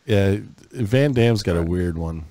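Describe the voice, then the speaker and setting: A man's voice: low-pitched, expressive, slow pace, dark tone, no room sound. A man co-hosting a podcast, cracking crude jokes and laughing often. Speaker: podcast co-host. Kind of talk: crude casual banter.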